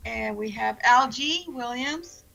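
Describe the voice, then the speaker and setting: A woman's voice: a little high, takes it slowly, gravelly, a bit bright, low-quality recording. A woman co-hosting a radio talk show, announcing guests in a casual, upbeat chat and laughing often.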